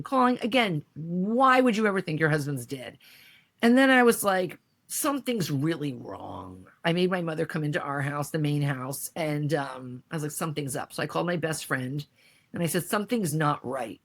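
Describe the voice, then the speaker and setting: Animated woman telling a personal story. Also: deep voice, normal speed. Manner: animated, acts out quoted voices. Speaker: podcast guest.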